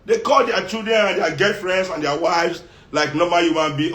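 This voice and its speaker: Fiery Nigerian man with a high voice in a roomy, echoey space, impassioned speaker who mixes in pidgin. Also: steady tone, moderate pace, fairly bright tone. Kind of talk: impassioned monologue. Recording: roomy echo.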